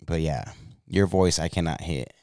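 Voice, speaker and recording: A man's voice: sits low, moderate pace, creaky, a little mellow, clean tone, no room sound, studio quality. A man hosting a casual late-night podcast chat, laid-back and chuckling. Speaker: podcast host.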